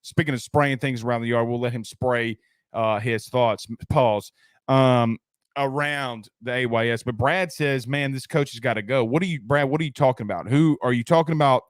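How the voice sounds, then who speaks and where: A man's voice: medium pitch, normal speed, no room sound, studio quality. A man hosting a casual live sports talk stream, loose and slangy, reading out viewer comments and an ad. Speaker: sports talk show host.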